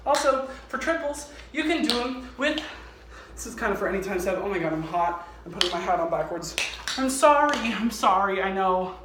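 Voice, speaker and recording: A man's voice: high-pitched, a little fast, very noisy. A man giving a casual, rambling tap tutorial at home, self-mocking and swearing often. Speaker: tap dancer teaching. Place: home garage. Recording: echoey garage with loud tap clatter. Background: tap shoe clicks on floor.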